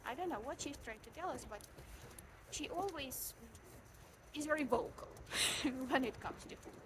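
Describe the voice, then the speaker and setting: A high-voiced woman talks in a tired, sleep-deprived way, chatting candidly to her viewers with plenty of fillers and repeated words. Her home recording carries a clear layer of background noise. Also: animated, moderate pace. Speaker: vlogger, mother of a baby. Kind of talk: casual vlog chat.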